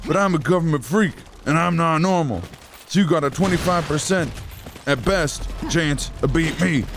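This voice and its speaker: A man doing an impression of a boastful, shouting male wrestler who lays out fight odds in a blustering voice. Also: a little high, noisy background, voice pushed up, close to an everyday voice. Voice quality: loud, blustering.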